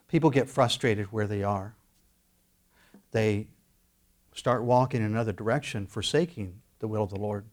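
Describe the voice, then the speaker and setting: A man preaching a sermon, animated, acting out quoted voices as he goes. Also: on the low side, normal speed, pauses often. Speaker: pastor.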